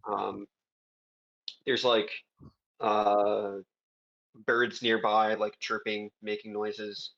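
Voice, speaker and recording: Hesitant low-voiced male game master. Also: monotone, drawn-out words, gravelly, long pauses, fairly bright tone, highs cut off. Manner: hesitant, lots of um and like. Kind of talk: narrating a tabletop game.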